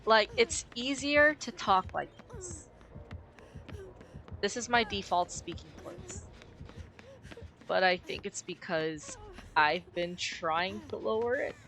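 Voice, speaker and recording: A woman game streamer with a gruff, slightly rough voice, chatting candidly and musing aloud in a low, somewhat pushed register. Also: sing-song, slow, long pauses, fairly bright tone. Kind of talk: casual stream chat.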